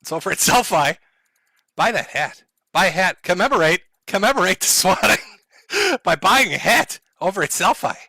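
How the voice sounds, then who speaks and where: A man's voice: high-pitched, sing-song, normal speed, pushed and bright, husky, dry recording, clean studio sound. A man streaming live in casual chat, sarcastic and profane, laughing often as he talks to his chat.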